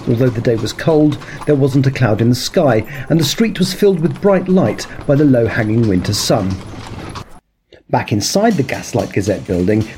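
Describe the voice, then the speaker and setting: A man reading a period detective story aloud in a measured, expressive narration. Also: mid-range voice, a little hiss or hum. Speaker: story reader. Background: faint ambient sound.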